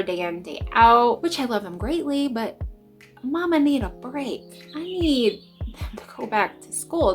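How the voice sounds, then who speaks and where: A woman's voice: mid-range voice, fairly bright tone. Earnest, reflective mother talking to camera. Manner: earnest, reflective, emotional at times. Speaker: vlogger, parent. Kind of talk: personal spiritual vlog talk.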